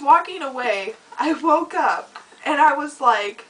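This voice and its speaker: A young woman chatting casually on a home video, telling stories with lots of giggling and loud acted-out quotes. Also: high-pitched, expressive, moderate pace, recorded from a distance, low-quality recording. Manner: giggly storytelling, acts out quoted lines loudly. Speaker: vlogger. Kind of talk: casual chat.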